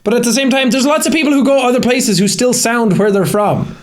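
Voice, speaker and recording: A man in his thirties with an Irish accent, co-hosting a casual podcast chat and telling animated, sweary stories. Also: extremely high pitch, brisk. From Ireland. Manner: animated storytelling, lots of swearing and laughing. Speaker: podcast co-host.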